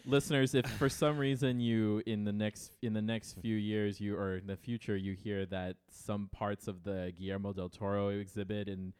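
A man's voice: on the low side, little pitch movement, moderate pace, hardly any pauses, a little mellow, clean tone. A man co-hosting a podcast in casual chat, talking to listeners with frequent stammering restarts. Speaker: podcast co-host.

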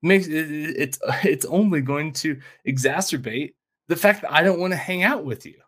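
A man's voice: a little high, moderate pace, fairly bright tone. A man co-hosting a casual political podcast, talking bluntly with swearing and often acting out quoted voices with a laugh. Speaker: podcast co-host. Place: small mountain town home studio.

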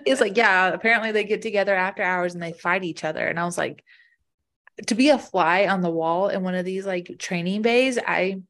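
A woman co-hosting a casual podcast as a military spouse, telling stories in a chatty, animated way. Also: mid-range voice, a little fast. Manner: chatty, animated storytelling with frequent "like".

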